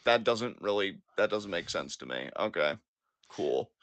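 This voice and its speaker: A man co-hosting a casual wrestling podcast, animated, laughing often and swearing freely. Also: low voice, unhurried, no room sound. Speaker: podcast co-host.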